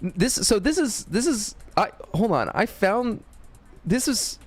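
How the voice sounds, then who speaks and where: A man's voice: sits high, big pitch swings, measured pace, soft background music. A man streaming a game, talking casually in a rambling, profane way. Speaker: gaming streamer.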